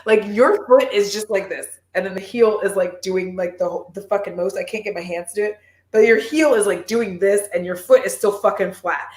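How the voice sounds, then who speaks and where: Animated, foul-mouthed woman chatting casually on a live call; room echo. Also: medium pitch, moderate pace. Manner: swears freely, rambly and animated. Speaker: guest on a live chat stream. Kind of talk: casual chat.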